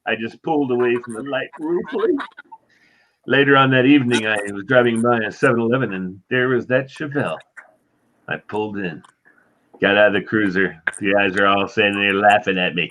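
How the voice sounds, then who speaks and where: Bright-voiced man telling an animated story. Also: on the low side, a little fast, a little hiss or hum. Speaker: co-host. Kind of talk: casual chat, storytelling.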